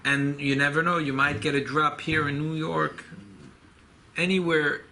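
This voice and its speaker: Rabbi leading a class, gravelly voice with a bright edge, animated storyteller, faint hiss behind. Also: male voice, fairly high pitch, measured pace. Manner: animated storyteller, mixing Hebrew and Yiddish terms. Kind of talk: informal Torah class with storytelling.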